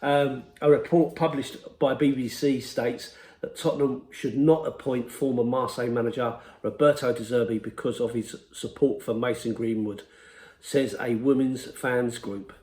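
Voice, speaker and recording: A man hosting a daily fan podcast, reading out football news headlines and reports in a steady, scripted way. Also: mid-range voice, normal speed, echoey room. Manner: steady read-aloud delivery.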